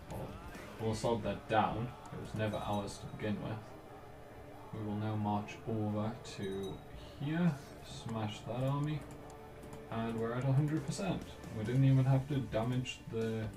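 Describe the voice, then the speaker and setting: A man hosting a let's play, commenting casually on his strategy game and thinking aloud in a relaxed, musing way. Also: lowish voice, roomy sound.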